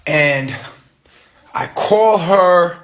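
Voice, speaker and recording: A man's voice: high-pitched, animated, drawn-out words, fairly bright tone. A man hosting a livestream, telling a story in a heated, profane rant full of street slang. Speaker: livestream host.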